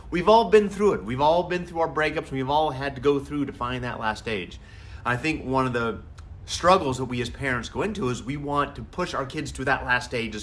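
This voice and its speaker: Animated man giving family advice. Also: medium pitch, slight background noise. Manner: conversational and animated, acts out quotes. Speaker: family therapist hosting a weekly live Q&A. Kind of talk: live-stream advice talk.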